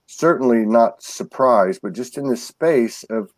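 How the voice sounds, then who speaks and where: A man's voice: medium pitch, lively intonation, measured pace, dry recording. A man speaking as a guest in a casual spiritual conversation, telling stories earnestly with many restarts and repeated words. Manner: earnest storytelling.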